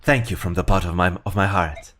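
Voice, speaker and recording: A man doing a serene, soft-spoken monk. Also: deep voice, slight background noise, voice pushed down. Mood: gracious. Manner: calm, measured, soft-spoken. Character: serene, mysterious male monk, calm and gracious.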